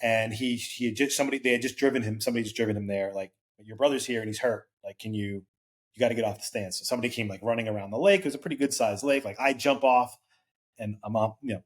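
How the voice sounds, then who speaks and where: Man, 40s, podcast guest; casual rambling storyteller, mid-pitched, acts out quoted lines. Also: quick pace. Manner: rambling, filler-heavy, acts out quoted voices.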